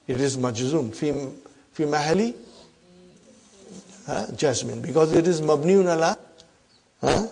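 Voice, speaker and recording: A man teaching an Arabic grammar class, repeating example sentences slowly and often checking in with the students. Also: fairly high pitch, creaky, darkish tone, breathy edge. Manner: checks in often with "huh?" and "are you with me".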